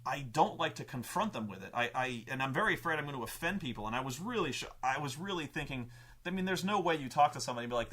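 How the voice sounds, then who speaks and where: A man's voice: mid-range voice, animated, fast talker, a bit bright. A man telling a tabletop gaming story in a casual, profane, rambling way, full of restarts and stammered repeats. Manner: profane and emphatic. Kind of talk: casual anecdote.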